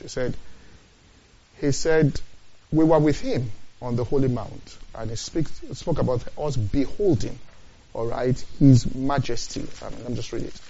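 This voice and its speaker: Male preacher, mid-pitched, emphatic, slow scripture quotes, dull lo-fi audio. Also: warm tone. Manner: emphatic, repeats phrases, asks the listeners questions. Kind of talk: sermon.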